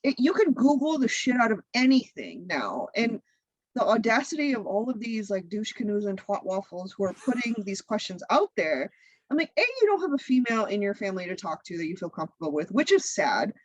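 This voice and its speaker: A woman guest on a podcast, a content creator and comedian, talking in a blunt, profane, animated way. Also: medium pitch, a little fast, no room sound, highs cut off. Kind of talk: casual interview chat.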